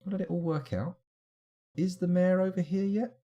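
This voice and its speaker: A man's voice: sits high, steady tone, moderate pace, mellow, muffled recording. A man giving live, casual commentary while streaming a game, rambling along with wry asides.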